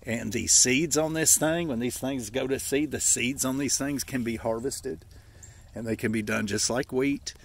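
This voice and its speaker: A man's voice: medium pitch, normal speed, vocal fry, breathy edge. A man, slightly out of breath and stuffy-nosed, giving a folksy, rambling walk-through of wild plants outdoors in a yard. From Appalachia, United States. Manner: folksy, rambling, corrects himself. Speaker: forager showing wild edibles. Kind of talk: casual walking vlog.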